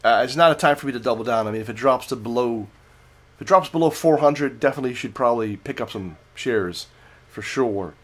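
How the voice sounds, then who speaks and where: A man talks through a beer review on his live call-in stream, casual and unscripted. He drifts from story to story and often stops to correct himself. His voice sits at an ordinary middle pitch for a man. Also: brisk, a bit bright. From United States. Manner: rambling, self-correcting, digressive storytelling. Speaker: livestream host reviewing beer. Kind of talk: casual unscripted livestream chat.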